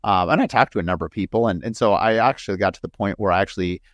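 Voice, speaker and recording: A man from the northern United States hosting an interview podcast in a low voice. He tells rambling stories full of asides and fillers. The sound is dry and close. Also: rapid-fire, dry recording. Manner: rambling storyteller, frequent asides. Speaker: podcast host and home builder. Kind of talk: casual interview chat.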